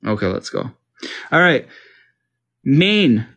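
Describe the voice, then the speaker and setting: A man's voice: medium pitch, big pitch swings, takes it slowly, fairly bright tone, highs cut off. A man from Canada, casually talking to himself while playing a map quiz game, confused and joking. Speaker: gamer. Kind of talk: casual gaming commentary.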